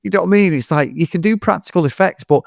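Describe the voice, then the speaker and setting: A man's voice: sits high, quick pace, vocal fry, dry recording, clean studio sound. A man, a podcast co-host chatting casually about a film, swearing and acting out scenes. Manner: swearing, animated, acts out scenes in quotes. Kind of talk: casual film review chat.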